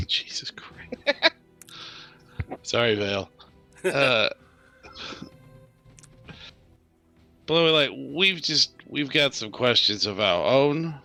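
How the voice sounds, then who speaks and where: A man's voice: medium pitch, expressive, takes it slowly, gravelly, long pauses, sharp tone, soft background music. A man playing in a tabletop game, asking flustered, stumbling questions in casual chat. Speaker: player.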